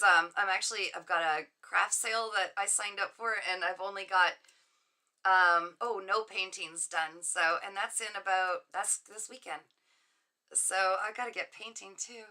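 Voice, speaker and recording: A middle-aged woman hosting a casual livestream from her home office, chatting on and gushing at her viewers with frequent laughs. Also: medium pitch. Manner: effusive, gushing and warm toward viewers. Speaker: livestream host and psychic reader. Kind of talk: casual livestream chat reading viewer comments.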